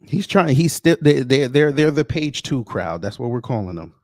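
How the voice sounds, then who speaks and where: A man's voice: mid-range voice, very animated, normal speed, darkish tone, no room sound, studio quality. A man hosting a livestream, reading viewer names and commenting with a sarcastic, mocking edge. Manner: sarcastic, greets chat viewers by name. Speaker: livestream host.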